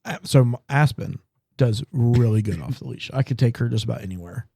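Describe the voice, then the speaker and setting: A man's voice: medium pitch, a little fast, creaky, mellow, breathy edge, no echo, studio quality. A man hosting a podcast, chatting casually and joking with friends, laughing often. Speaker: podcast host. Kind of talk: casual chat.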